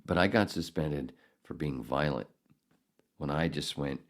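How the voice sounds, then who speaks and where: A middle-aged man hosting a podcast, telling a story in a casual, profane, animated way with bursts of outrage. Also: rumbling low, moderate pace. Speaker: podcast host.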